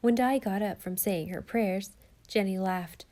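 A woman narrating a storybook in a steady, expressive reading. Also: medium pitch, measured pace. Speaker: audiobook narrator.

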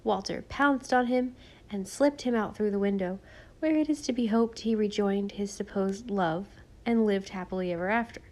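A woman reading an audiobook, narrating in a measured, expressive storytelling style. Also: mid-range voice. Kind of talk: scripted narration.

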